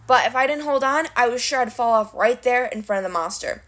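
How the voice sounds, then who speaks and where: A woman reads a novel aloud in animated storybook narration. Her delivery is wry, and her voice sits fairly high. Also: a little fast. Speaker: reader of a novel.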